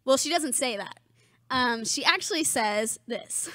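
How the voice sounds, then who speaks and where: High-voiced chatty woman podcaster. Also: measured pace. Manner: animated, quotes lines in playful voices. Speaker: podcast co-host. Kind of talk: casual podcast chat.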